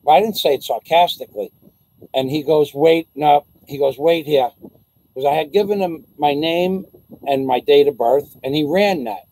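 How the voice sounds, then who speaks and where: A man tells a long personal story to the camera, loose and profane, stumbling over restarts as he plays out every line of dialogue. His voice sits a bit high for a man, yet the tone is warm and mellow. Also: moderate pace, rough recording. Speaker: vlogger. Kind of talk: casual storytelling.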